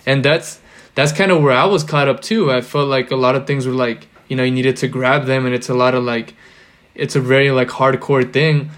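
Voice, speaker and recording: A man's voice: mid-range voice, fairly even intonation, normal speed, fairly bright tone. A young man in casual podcast chat, rambling with lots of filler words and loose slang. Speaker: podcast guest or co-host.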